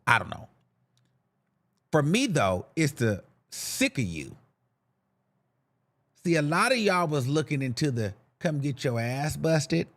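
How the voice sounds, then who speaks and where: Sassy, animated young man gossiping. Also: on the high side, measured pace. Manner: animated, sassy, campy slang, talks to himself. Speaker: podcast host. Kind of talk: casual gossip commentary.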